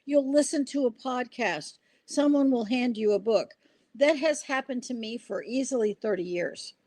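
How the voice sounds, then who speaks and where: A woman's voice: on the high side, moderate pace, a little mellow, no echo. An older woman hosting a podcast, telling stories in an earnest, rambling way with restarts. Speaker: podcast host. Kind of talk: casual podcast conversation.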